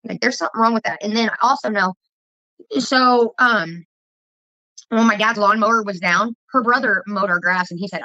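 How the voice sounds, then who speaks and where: A woman's voice: medium pitch, moderate pace, sharp tone, no room sound. A woman vlogger telling heated, profane stories in casual livestream chat, with dull lo-fi audio.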